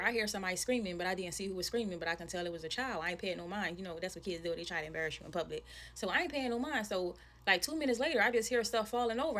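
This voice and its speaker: A woman telling a storytime to camera, animated and slangy, calling her viewers y'all. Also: mid-range voice. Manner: animated storytelling, acting out voices in quotes.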